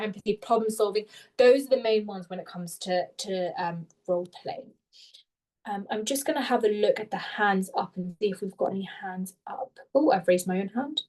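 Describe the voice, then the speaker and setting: A young woman tutoring interview skills in a live webinar, talking fast with animated, self-correcting explanations over a video call. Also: medium pitch.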